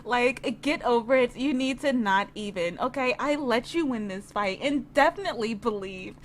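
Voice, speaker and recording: A woman's voice: on the high side, expressive, normal speed, a little hiss or hum, close to an everyday voice. A woman voicing a sassy, confrontational young woman in a life-sim game, catty and insulting. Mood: snippy.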